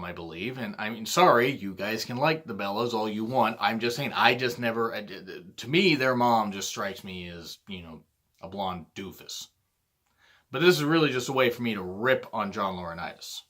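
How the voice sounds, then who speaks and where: A man's voice: lowish voice, fairly bright tone. A man hosting his own vlog, delivering a blunt, profane ranting monologue. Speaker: vlog host.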